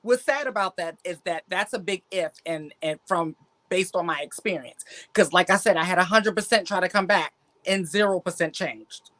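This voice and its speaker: A woman speaking frankly and a little haltingly about her past relationships in a casual group talk. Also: on the low side, fairly bright tone. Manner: frank, hesitant, restarts thoughts.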